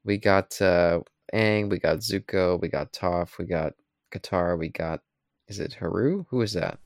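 A man's voice: deep voice, unhurried, vocal fry, no echo, studio quality. A man co-hosting a podcast, casually retelling comic scenes and acting out the characters' lines. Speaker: podcast co-host. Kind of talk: casual chat.

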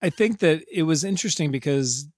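A man's voice: on the high side, animated, brisk, no echo, clean studio sound. A man co-hosting a casual movie review chat, wry and joking, teasing his co-host. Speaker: podcast co-host.

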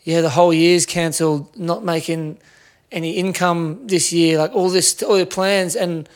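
Reflective Australian man with higher voice. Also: steady tone, moderate pace, smooth. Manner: reflective, rambling with many fillers. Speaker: podcast guest, metal musician. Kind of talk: casual conversation.

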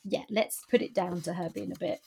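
A woman's voice: on the low side, fairly even intonation, gravelly, slightly rough. A woman co-hosting a book podcast, chatting casually with frequent fillers. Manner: warm, halting with fillers.

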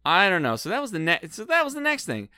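A man's voice: high voice, huge pitch swings, fast, pushed and bright, smooth, no echo, clean studio sound. A man co-hosting a casual recap podcast, sarcastic and swearing freely as he sums up the episode. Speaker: podcast co-host.

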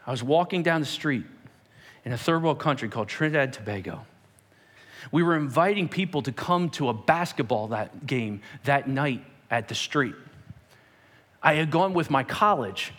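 A man from Pennsylvania preaching a sermon, telling stories with animated, acted-out dialogue. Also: mid-range voice. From Pennsylvania, United States. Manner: animated storytelling, acts out dialogue.

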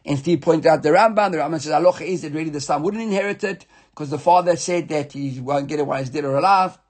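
Man, husky voice, slightly high pitch, casual Talmud class teacher reading and explaining text. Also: quick pace, darkish tone. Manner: mixes Hebrew-Aramaic readings with English explanation, frequent self-corrections. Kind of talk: informal text study class.

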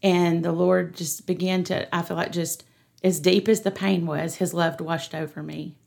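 A middle-aged woman, a pastor giving an earnest, steady personal testimony on a podcast. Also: lowish voice, moderate pace, vocal fry. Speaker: pastor, guest.

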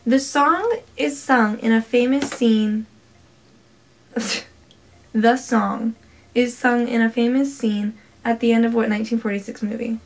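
A woman casually quizzing a friend on holiday trivia, playful and quick to laugh. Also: fairly high pitch, fairly even intonation. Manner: playful, laughs often, tries out foreign words. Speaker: trivia quiz partner. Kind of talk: casual chat.

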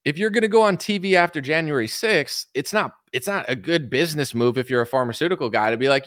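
A man giving casual political commentary on a stream, animated and mocking, acting out the people he quotes. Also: a little high, fast, hardly any pauses, no room sound, clean studio sound.

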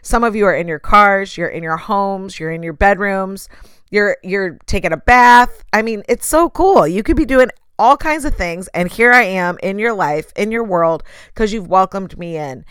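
A woman's voice: mid-range voice, moderate pace, a bit bright, smooth, no room sound, clean studio sound. A woman hosting a motivational talk, speaking straight to her listeners and acting out voices in quoted asides. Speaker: podcast host.

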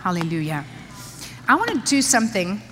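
A woman's voice: mid-range voice, big pitch swings, fairly quick, background noise. An older woman preaching a conversational, emphatic sermon to women in a church. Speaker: pastor's wife preaching to women. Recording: long church-hall reverb.

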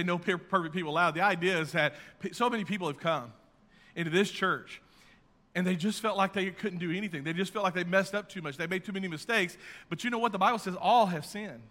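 A man preaches in a high, bright, ringing voice, swelling into emphatic peaks and then dropping into soft asides. A long reverb trails each phrase, as in a church sanctuary. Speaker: pastor. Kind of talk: sermon.

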